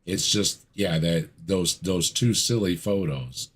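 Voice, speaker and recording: A man as a podcast guest in casual chat, hesitant and quick to laugh. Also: deep voice, slightly rough.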